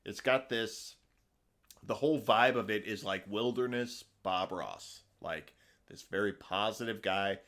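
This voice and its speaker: A middle-aged man co-hosts a podcast with a fairly low voice. He chats casually, wandering through his points with fillers and restarts. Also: unhurried, fairly bright tone. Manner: rambling, many fillers and restarts. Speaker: podcast co-host. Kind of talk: casual chat.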